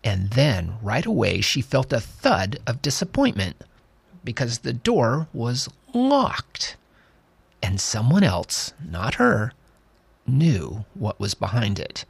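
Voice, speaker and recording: A man reads a children's story aloud at an unhurried pace, his voice lifting and falling expressively. The tone is gravelly and husky, recorded close and dry. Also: mid-range voice, no echo. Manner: slow, expressive reading. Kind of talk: reading a children's novel aloud.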